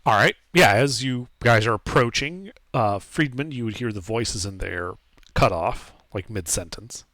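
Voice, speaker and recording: A man's voice: on the low side, measured pace, no echo, clean studio sound. A man running a live tabletop game as game master, talking casually and setting scenes for his players. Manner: runs the scene in a relaxed, conversational way.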